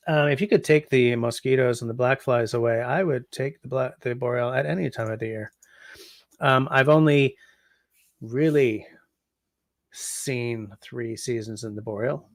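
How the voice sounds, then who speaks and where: A man's voice: medium pitch, measured pace, dry recording, clean studio sound. A tired Canadian man in his forties hosting a casual livestream, rambling through chat messages with lots of ums. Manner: rambling, chatty, yawning, frequent ums. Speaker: livestream host reading chat.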